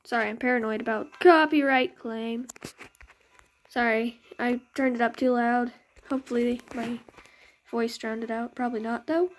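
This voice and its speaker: A woman's voice: fairly high pitch, fairly even intonation, normal speed, slight background noise. A young woman casually commenting on her game as its channel host, chatty and rambling, often correcting herself. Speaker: gaming YouTuber. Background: game music.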